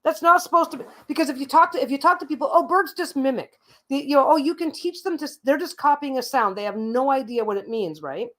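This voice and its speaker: A woman's voice: fast talker, fairly bright tone. A woman hosting her own show, telling a long casual story with lots of asides, restarts and the odd swear word. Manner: chatty, rambling, frequent asides and restarts; mimics a parrot's calls in a higher squawky voice. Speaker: host.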